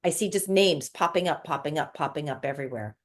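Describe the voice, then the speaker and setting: A woman with a low-pitched voice talks a little fast, sharing an emotional spiritual story as a guest in casual conversation. Her recounting is breathless and emotional, with repeated words.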